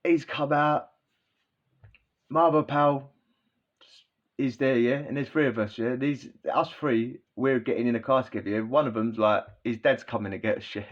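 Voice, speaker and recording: A man's voice: medium pitch, normal speed. A man telling a rowdy story in casual chat, rambling with frequent tag questions and laughs. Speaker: podcast host telling a story. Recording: dull lo-fi sound.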